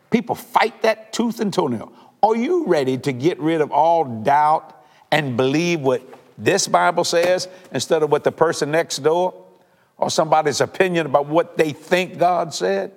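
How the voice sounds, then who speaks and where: Older preacher, fervent and emphatic. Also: male voice, on the high side, animated, moderate pace, in a large hall. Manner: fervent, emphatic, repeats lines for effect; swings from loud declarations to hushed earnest asides. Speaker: televangelist preacher. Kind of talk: televised sermon and prayer.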